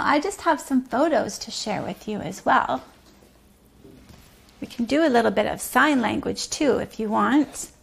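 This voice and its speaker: A woman leads a preschool sing-along lesson, her high voice carrying a gravelly edge. She talks slowly and gently, singing simple songs and making animal sounds for the children. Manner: patient, gently encouraging teacher talk. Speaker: preschool teacher.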